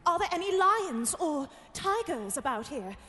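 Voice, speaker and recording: A woman's voice: very high voice, sing-song, unhurried, voice pushed up, heavily acted. A woman voicing Alice, a polite, earnest little girl who grows prim and indignant, read over music in a long reverb. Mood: timid.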